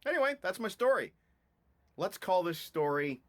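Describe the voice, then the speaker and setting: Guy chatting on his rock vlog, lively up and down voice, tells stories with little sound effects. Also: high voice, moderate pace. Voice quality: animated, chatty storyteller who does little sound effects. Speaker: host of a rock music video channel. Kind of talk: casual storytelling vlog.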